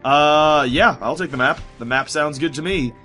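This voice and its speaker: A man with a sore, strained voice, rambling excitably through casual commentary on a game he is playing. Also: a little high, moderate pace, faint music behind. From United States. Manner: rambling, excitable, swears often. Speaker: gaming commentator. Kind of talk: casual let's play commentary.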